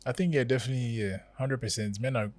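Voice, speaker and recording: A man co-hosting a podcast, asking questions in a relaxed, joking way. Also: medium pitch, quick pace, dry recording. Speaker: podcast co-host. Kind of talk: casual podcast chat.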